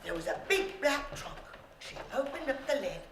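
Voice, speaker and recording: A woman storyteller telling a story to a live audience in an animated way, asking her listeners questions and bantering with them. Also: high voice, normal speed. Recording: roomy with faint background noise.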